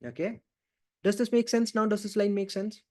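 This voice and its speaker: A programming instructor teaches a live online coding lesson in a mellow, high-sitting voice, keeping his tone level and his pace moderate. He poses questions and answers them himself, tacking "right?" and "okay?" onto nearly everything. Fillers are frequent, and he keeps repeating the important phrases.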